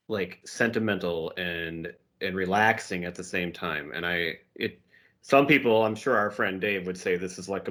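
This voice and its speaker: Low-voiced guy gushing about songs on a podcast, gets quieter when musing. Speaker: podcast co-host. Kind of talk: casual chat.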